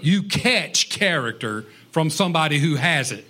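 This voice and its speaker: Folksy high-voiced preacher man. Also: expressive, moderate pace, pushed and bright. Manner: folksy, conversational, with joking asides to the congregation. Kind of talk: sermon on parenting.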